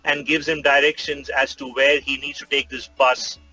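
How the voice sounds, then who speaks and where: A man's voice: medium pitch, flat delivery, moderate pace, sharp tone, slightly rough, faint music behind, low-quality recording. A man narrating his character's actions in a tabletop game, rambling with many fillers. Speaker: player.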